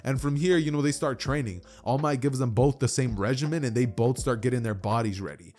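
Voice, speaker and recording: A man's voice: medium pitch, fairly quick, darkish tone. A man casually retelling a fan story as a YouTube narrator, chatty and full of "you know" and "like".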